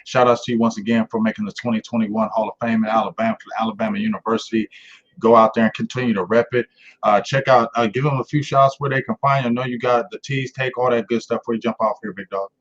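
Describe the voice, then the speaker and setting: A man's voice: mid-range voice, steady tone, fast. A man hosting a casual interview podcast who talks in a hyped, slangy, affirming way. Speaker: podcast host. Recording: dull lo-fi audio.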